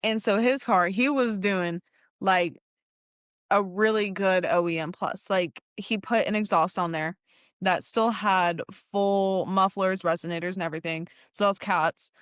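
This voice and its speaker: A young woman in mid-story, chatty and animated, with laughs that keep breaking in. She acts out what each person said as she tells it. Her voice sits at an ordinary middle pitch and sounds close and dry, with no room around it. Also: measured pace, clean tone, no echo. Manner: animated, laughs often, acts out quoted lines. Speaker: guest telling her car story. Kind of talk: casual storytelling chat.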